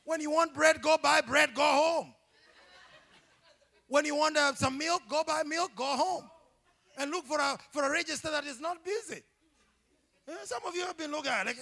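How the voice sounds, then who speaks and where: A man preaching a sermon as pastor, animated and humorous, often shouting and laughing. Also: extremely high pitch, fairly quick. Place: church.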